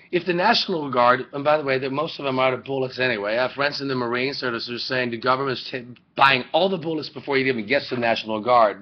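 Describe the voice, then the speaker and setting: A man lecturing a class in a rambling, joking way, full of rhetorical questions, recorded on a webcam. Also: mid-range voice. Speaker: teacher. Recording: dull lo-fi webcam audio.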